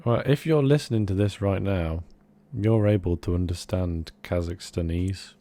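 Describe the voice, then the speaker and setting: Young man, low voice, deadpan podcast banter, mock-serious. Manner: mock-earnest, drawn-out deadpan rambling. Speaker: podcast co-host. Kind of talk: casual comedic chat.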